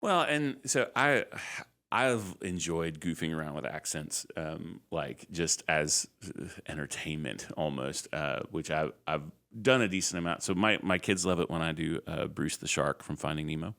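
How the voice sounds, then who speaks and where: A man co-hosting a podcast in casual chat, animated and laughing often. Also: a bass voice, normal speed, vocal fry. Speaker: podcast co-host.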